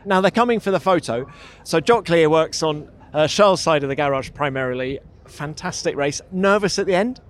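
Dude hosting a podcast outside in a paddock, slightly high voice, chatty n teasing. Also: male voice. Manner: chatty, quick questions, teasing. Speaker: podcast host. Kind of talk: casual trackside chat. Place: outdoors in a racing paddock.

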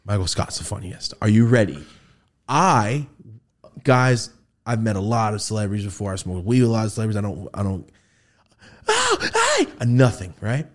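A young man hosting a podcast, telling a story casually and acting out quotes with sudden shouts. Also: a little fast. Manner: animated, acts out quotes with big pitch jumps and shouts. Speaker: podcast host.

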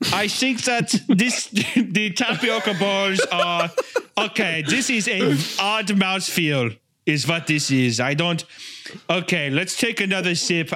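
A man's voice: high voice, bright, forceful tone. A man riffing in comedic podcast banter, parodying a YouTuber's upbeat delivery with frequent laughter. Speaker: podcast co-host.

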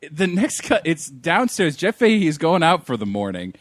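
High-voiced giggly man retelling a movie. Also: moderate pace, no echo. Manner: giggly, animated storyteller, profane. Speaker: podcast co-host. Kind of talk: casual movie-review chat.

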